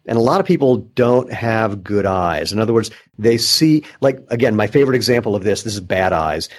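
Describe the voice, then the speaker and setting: Low-voiced man hosting a movement podcast. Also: animated, fairly quick. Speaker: podcast host. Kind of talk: casual conversation.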